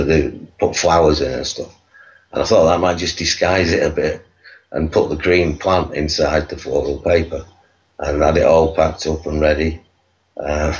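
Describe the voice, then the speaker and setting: A man telling a long rambling anecdote as an interview guest, chuckling and full of fillers. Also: a bass voice. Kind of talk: anecdotal storytelling. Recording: dull lo-fi recording.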